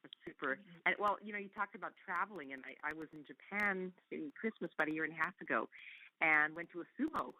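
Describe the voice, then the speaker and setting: Chatty actress guest, a woman with a bright, clear voice, loose and conversational. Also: sits low, fast talker, no room sound, poor audio. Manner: chatty, laughs often, restarts sentences. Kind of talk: casual interview chat.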